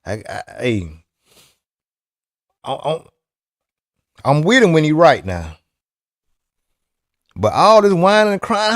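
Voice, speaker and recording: A man's voice: high-pitched, sing-song, normal speed, fairly bright tone, no echo, studio quality. A man talking loosely and teasingly in a casual chat about RC racing, with plenty of restarts. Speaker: RC racing vlogger.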